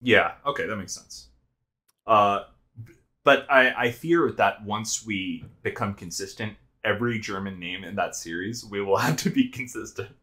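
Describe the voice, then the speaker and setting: An American man with a lowish, bright, forceful voice chats as a podcast co-host. He rambles, piling up fillers and restarting his sentences. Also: moderate pace. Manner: rambling, frequent "like" and restarts, swears. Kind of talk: casual chat.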